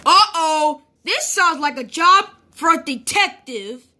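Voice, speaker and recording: Woman reading a gentle daddy bear, patient, explains slowly, pretty high voice still. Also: expressive, full character voice. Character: kind, patient father bear.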